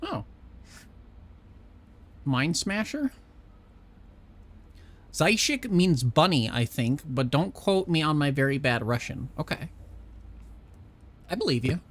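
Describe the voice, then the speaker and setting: A man's voice: fairly high pitch, sing-song, slow, long pauses, a little hiss or hum. A male streamer giving casual commentary while he plays, reading on-screen text aloud and stumbling over words.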